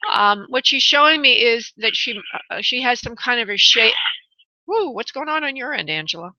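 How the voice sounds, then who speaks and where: A woman's voice: on the high side, expressive, normal speed, bright, forceful tone, no echo. A woman hosting a radio show as a psychic medium, doing a live reading for a caller and calling her honey and sweetheart. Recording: muffled radio phone-in audio.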